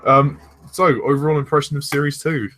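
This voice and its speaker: A young man chatting casually as a fan reviewer, relaxed and agreeable, steering the conversation. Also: a little high, brisk, noisy background. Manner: relaxed, agreeable, leads the discussion. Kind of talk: casual chat.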